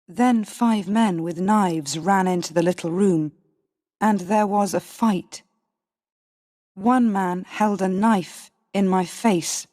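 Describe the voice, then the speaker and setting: Slow woman storybook narrator. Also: mid-range voice, mellow. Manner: slow, careful, clear reading. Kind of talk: storybook reading for English learners. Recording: long reverb.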